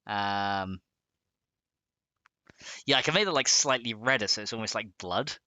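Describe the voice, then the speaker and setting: Male streamer, casual rambling live-chat delivery, dry close sound, pitched a touch low. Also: unhurried, pushed and bright, clear, resonant tone, no echo. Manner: rambling, chatty, laughs often, reads out chat. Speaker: game modding streamer.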